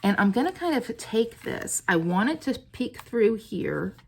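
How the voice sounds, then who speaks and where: A woman talks viewers through a stamping project, unhurried but with a lively, swooping pitch. Her voice has a gravelly fry at times, and she coos eagerly over each finished piece. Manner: chatty and excitable, cooing over her work. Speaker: stamping crafter demonstrating a card. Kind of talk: casual craft tutorial.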